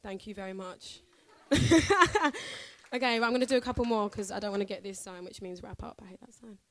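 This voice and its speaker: A woman's voice: medium pitch, steady tone, racing. A woman, chatting in a bubbly, casual way as a singer answering questions from a live audience. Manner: bubbly, chatty, laughs often.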